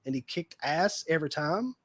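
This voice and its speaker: A man with a fairly high-pitched voice hosts a relaxed fan livestream chat. He rambles and restarts, padding his thoughts with plenty of filler words. The sound is dry and close, with no room around it. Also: normal speed, no room sound. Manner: rambling, heavy use of fillers like "like" and "you know". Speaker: livestream host.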